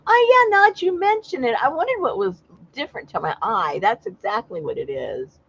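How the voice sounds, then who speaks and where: A woman's voice: fairly high pitch, sing-song, fairly quick, slightly rough, dry recording. A woman chatting casually on a livestream, telling stories and laughing often. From Southern California. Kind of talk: casual chat. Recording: dull lo-fi sound.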